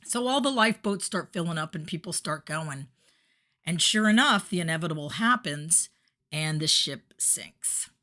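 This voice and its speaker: A woman's voice: low voice, expressive, normal speed, sharp tone. A woman hosting a podcast, giving a motivational monologue and acting out the voices in her story. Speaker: podcast host. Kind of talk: motivational monologue on addiction recovery.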